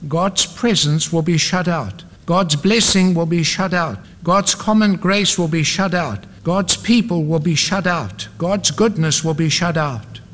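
A man's voice: on the high side, a little slow, hardly any pauses, fairly bright tone. A male preacher delivering an evangelistic sermon with dramatic, emphatic repetition. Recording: long hall reverb.

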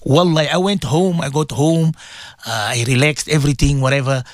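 High-voiced radio host. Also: male voice, fairly quick, no room sound. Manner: emotional, rambling, addresses co-host and listeners directly. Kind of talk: talk radio monologue.

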